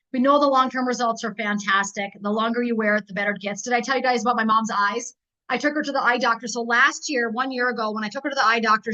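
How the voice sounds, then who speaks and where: A middle-aged woman giving an energetic, rallying business training talk as a network marketing team leader, telling stories quickly. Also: fairly high pitch. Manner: energetic, rallying, rapid storytelling. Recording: dull lo-fi recording.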